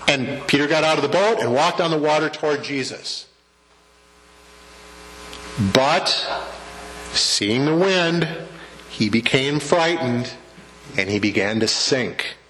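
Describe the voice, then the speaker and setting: A man's voice: mid-range voice, lively intonation, normal speed, long pauses, fairly bright tone. A man preaching a sermon to his congregation in a church, chatty and joking, asking the room questions. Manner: conversational preacher, asks the congregation questions and jokes. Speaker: pastor. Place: church sanctuary.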